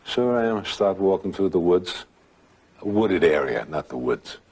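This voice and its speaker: An older man telling a ghost story in a rambling, conversational way, with dramatic pauses and acted-out quotes. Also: low voice, expressive, darkish tone, husky.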